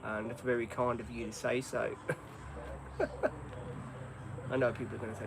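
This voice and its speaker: An Australian man with a gravelly, creaky voice hosts a casual live stream, rambling easily and filling gaps with ums. Insects buzz clearly around him outdoors. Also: medium pitch, little pitch movement, moderate pace, long pauses, very noisy. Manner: rambling, easygoing, many ums. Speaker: livestream host.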